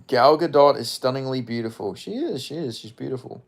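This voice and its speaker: This streamer's voice is mid-range, expressive, creaky and a little fast. He casually reads out viewer comments on his livestream, rambling offhandedly and cursing frequently.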